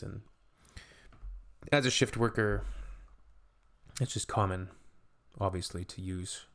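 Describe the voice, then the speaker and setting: Man, middle-aged, from Canada, reaction video host, reads posts aloud, dry sarcastic remarks, lowish voice. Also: creaky, fairly bright tone. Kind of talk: casual reaction commentary.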